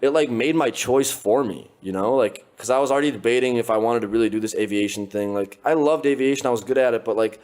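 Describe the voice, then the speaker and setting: A young man, a podcast guest, telling a story in a loose, animated way, full of filler words. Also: mid-range voice, fast, hardly any pauses. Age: young adult. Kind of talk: casual storytelling. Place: his apartment.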